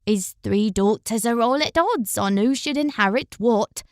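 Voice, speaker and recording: Plain-spoken village boy, read by a woman, slow, unhurried delivery, fantasy audiobook. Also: fairly high pitch, dry recording, studio quality, close to an everyday voice.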